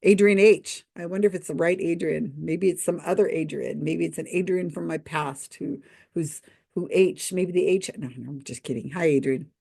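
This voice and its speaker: A woman's voice: fairly low pitch, moderate pace, gravelly, dark tone, husky. A woman hosting a livestream, chatting skeptically and casually, laughing often as she reads out viewer comments. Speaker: host of a livestream commentary show.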